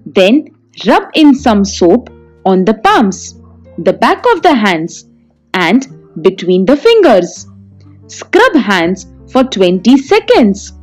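A woman narrating a children's story, slow and clear in a sing-song way. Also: mid-range voice, sing-song, a little mellow, faint music behind.

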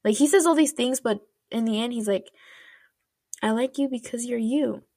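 A woman's voice: a little high, normal speed, dark tone, dry recording, clean studio sound. A woman hosting a podcast, recapping a drama in a rambling, casual way full of fillers and laughs. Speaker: podcast host.

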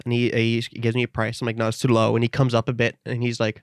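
A man in casual podcast chat tells a story with lively energy, jumping into other people's voices as he quotes them. He is from the Netherlands. His voice sits at a middle pitch, recorded close and dry with no room sound. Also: fast, hardly any pauses, no room sound.

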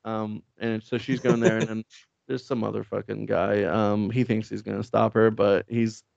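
A man's voice: fairly low pitch, level tone, moderate pace, vocal fry, darkish tone, no room sound, muffled recording. A man casually recapping a comic book in a rambling, profane, laid-back way, with frequent fillers. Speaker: comic book podcast co-host.

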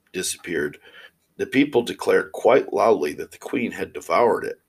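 Gravelly low-voiced man reading fairy tales. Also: low-quality recording. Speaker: storyteller.

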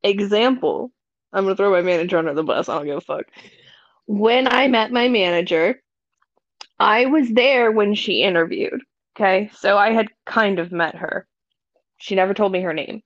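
A woman's voice: mid-range voice, normal speed, dry recording, lo-fi sound. A woman co-hosting a podcast in casual chat, blunt and sassy, laughing often and tagging her points with "okay?". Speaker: podcast co-host.

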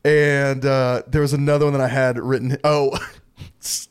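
A man's voice: medium pitch, little pitch movement, normal speed, clean tone. A man co-hosting a podcast, chatting casually about a movie and quoting lines from it. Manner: rambling, quotes lines in put-on voices. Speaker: podcast co-host.

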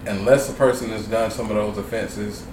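A man co-hosting a casual podcast, talking bluntly and profanely in drawn-out phrases. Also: on the low side, steady tone. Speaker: podcast co-host. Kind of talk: casual chat. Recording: roomy, distant mic with background noise.

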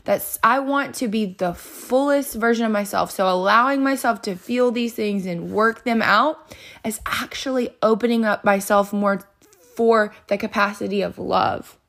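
A woman's voice: mid-range voice, moderate pace, creaky, a bit bright. A woman hosting a self-help podcast, earnestly encouraging the listener and reading passages aloud from a book. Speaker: podcast host.

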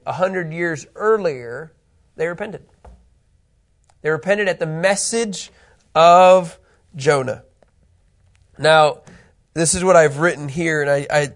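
A middle-aged man teaching a Bible lesson, animated and conversational, often checking in with his listeners. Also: on the high side. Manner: animated, keeps asking "okay?" to check understanding.

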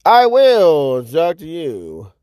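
Guy rambling thru a story on his podcast, kinda high voice, acts out his freakouts loud, real dry close sound. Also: drawn-out words, no room sound. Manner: animated, acts out his own past reactions with sudden loud outbursts; rambling with many fillers and repeated words. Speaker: podcast host. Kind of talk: casual storytelling monologue.

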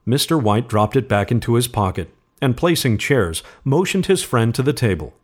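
A man narrating a spooky storybook tale, steady and measured. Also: mid-range voice, husky. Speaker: podcast host. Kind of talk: storybook reading.

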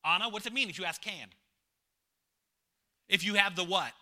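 A man's voice: high-pitched, normal speed. A man preaching a sermon as pastor, repeating key phrases and joking with the congregation. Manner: emphatic preacher, repeats phrases, swings from loud to hushed; jokes with the congregation, asks questions.

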